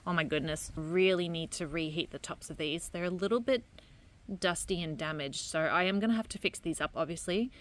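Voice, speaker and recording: A young Australian woman with a lowish voice talks a little fast in a casual product vlog about her candles and crystals. She rambles along and lets her sentences trail off softly.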